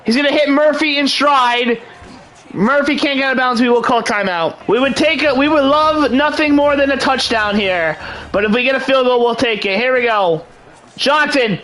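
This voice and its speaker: A young man giving excited play-by-play commentary over a video game in a hyped, mock sports-announcer manner. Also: extremely high pitch, normal speed, rough recording. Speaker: gaming channel host.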